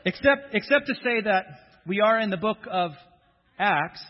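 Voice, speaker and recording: Pastor preaching in an echoing church. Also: male voice, sits high, lively intonation, normal speed, a little hiss or hum. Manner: jokey, self-deprecating banter with the congregation. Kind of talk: sermon with scripture reading. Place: church sanctuary. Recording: dull sound with long hall reverb.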